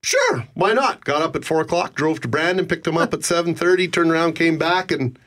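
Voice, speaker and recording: A man's voice: on the high side, quick pace. A man hosting a morning radio show, chatting casually, telling stories and laughing easily. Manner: laughs often, relaxed storyteller.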